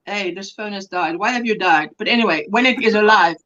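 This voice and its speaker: A woman co-hosting a casual livestream, explaining things patiently in an animated way. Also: mid-range voice, a little fast, lo-fi sound. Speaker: co-host on a livestream. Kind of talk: casual chat.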